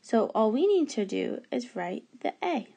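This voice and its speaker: Lady teacher doing a phonics lesson for little kids, slow and patient, kinda high voice. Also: big pitch swings, gravelly, mellow. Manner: slow, patient, sounding out letters. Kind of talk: remote phonics lesson for young children.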